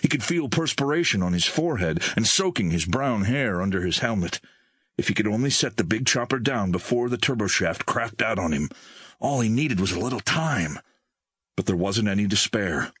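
A man reading an audiobook in a recording studio with measured storytelling on a close mic. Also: on the low side, fairly bright tone, slightly rough, no echo. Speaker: audiobook narrator. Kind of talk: scripted audiobook narration.

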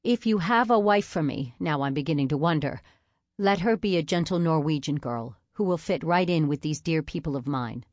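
A woman's voice: low voice, expressive, normal speed, darkish tone, dry recording, clean studio sound. A woman voicing a stiff, flustered young male pastor who speaks in a prim, formal way. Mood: brooding. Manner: prim, formal, inwardly anxious.

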